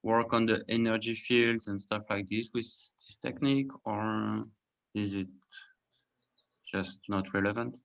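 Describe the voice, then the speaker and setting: French-accented guy asking a question, halting, feeling for words. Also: lowish voice, fairly even intonation, vocal fry, fairly bright tone. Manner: hesitant, searching for words. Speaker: audience member asking a question.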